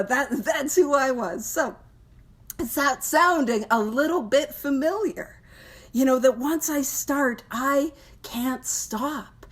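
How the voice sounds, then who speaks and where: A woman hosting a recovery book study, talking in a chatty, self-mocking way and laughing often. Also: sits high. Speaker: podcast host leading a recovery book study. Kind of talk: casual recovery talk.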